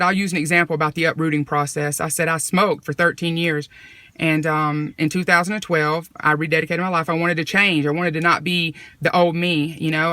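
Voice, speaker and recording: Woman, bright and crisp, close dry sound, chatty faith testimony storyteller. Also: low-pitched, no echo. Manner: conversational, retelling dialogue with repeated "I said". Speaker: vlogger sharing a personal testimony.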